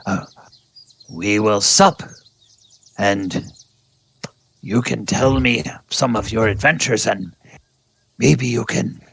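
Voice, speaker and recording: A man's voice: on the low side, slow, creaky, pauses often, fairly bright tone, slightly rough, voice pushed up, full character voice. A man voicing a proud old male tabaxi hunter with lofty, formal speech. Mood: eager.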